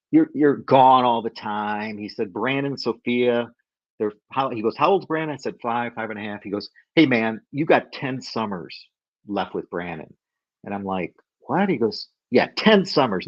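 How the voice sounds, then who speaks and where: A middle-aged man telling a story as a podcast guest, animated and acting out the voices of people he quotes. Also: fairly low pitch, dry recording, muffled recording.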